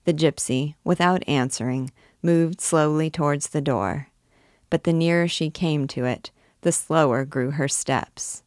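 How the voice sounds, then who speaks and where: A woman reading a classic novel aloud in a measured, expressive storytelling manner. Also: deep voice, no room sound, studio quality. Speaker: reader.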